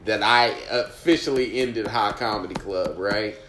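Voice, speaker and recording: A man's voice: fairly low pitch, a little slow, roomy sound, a crowd in the background. A man, a stand-up comedian and podcast guest, telling stories in casual chat with a blunt, profane, fired-up manner.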